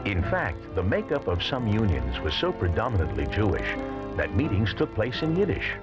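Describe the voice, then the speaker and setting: A man reading scripted documentary narration in a measured, even way. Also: fairly low pitch, low-quality recording. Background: music.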